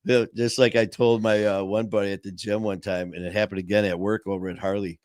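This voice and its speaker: A man's voice: fairly low pitch, little pitch movement, fairly quick, a little mellow, no room sound, clean studio sound. A middle-aged man hosting a podcast, telling stories in casual chat and laughing often. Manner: storytelling, laughs often, acts out voices in anecdotes. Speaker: podcast host.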